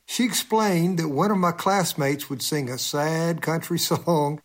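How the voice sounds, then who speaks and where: A man's voice: on the high side, unhurried. A man tells a humorous personal story in a slightly raised voice, letting small chuckles slip into his telling. He is a humorist speaking to radio listeners.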